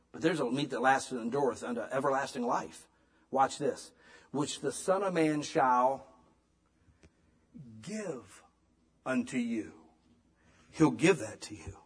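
Husky man preaching with loud-soft swings. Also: medium pitch. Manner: emphatic, dramatic swings between loud and hushed; casual, conversational preaching with slang. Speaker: pastor. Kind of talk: sermon.

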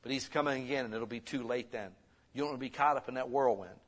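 Man, pastor, sermon, conversational, mid-pitched, loud bursts and soft asides. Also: fast. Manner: lively, conversational preaching that swings from loud to soft.

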